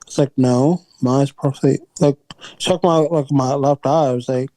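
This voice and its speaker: A man's voice: medium pitch, steady tone, normal speed, warm tone, no room sound, rough recording. A man in casual podcast chat, talking in a laid-back, plain-spoken way. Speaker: podcast co-host.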